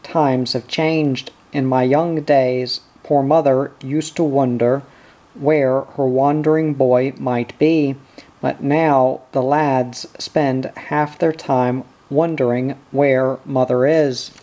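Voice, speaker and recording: A man voicing an older, whimsical poet miner who speaks mildly and wryly, read slowly. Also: medium pitch, fairly even intonation, dark tone, natural voice. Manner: mild, wry, sentimental. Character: old whimsical poet miner, mild and teasing.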